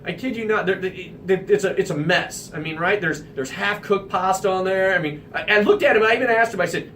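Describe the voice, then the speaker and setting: A man from the American Midwest hosting a radio talk show, telling an anecdote in an animated, emphatic way. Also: high voice, fairly quick, hardly any pauses, far from the mic, slight background noise. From Midwestern United States.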